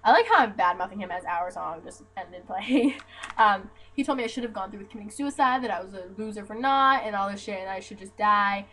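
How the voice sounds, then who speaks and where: A young woman venting to her camera in a blunt, profane, animated way, telling a story to her viewers. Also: medium pitch, fairly quick, poor audio. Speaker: vlogger.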